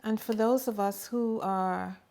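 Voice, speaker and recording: Unhurried woman demonstrating cooking. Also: mid-range voice. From Bahamas. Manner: relaxed, chatty, homey asides. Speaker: home cook and farmer. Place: home kitchen.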